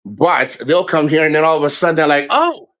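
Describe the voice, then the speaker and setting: A man's voice: a little high, quick pace. A man ranting on a casual livestream, blunt and heavy on swearing, rambling as he tells stories and acts out what people said. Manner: animated storyteller who acts out quotes.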